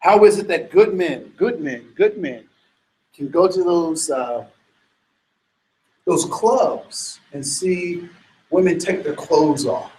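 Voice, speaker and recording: High-voiced guy preaching to a crowd, emphatic, lots of rhetorical questions, echoey room. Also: slow, pauses often. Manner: animated, emphatic, many restarts and rhetorical questions. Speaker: speaker addressing an audience. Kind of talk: sermon-like talk.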